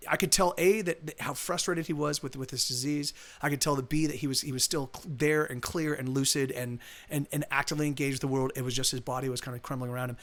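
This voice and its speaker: A man from the United States tells a story casually on a live stream from his home setup, rambling with lots of restarts and fillers. His voice is a little high and a bit bright.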